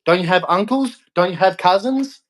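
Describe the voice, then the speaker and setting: A man's voice: high voice, lively intonation, moderate pace. An angry young Australian man in a heated, repetitive rant aimed at a politician. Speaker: vlogger.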